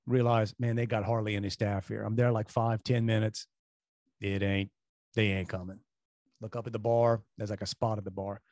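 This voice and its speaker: A man's voice: mid-range voice, no echo. A man, co-hosting a talk show and telling a long, rambling anecdote full of restarts. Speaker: radio show co-host. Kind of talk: casual storytelling chat.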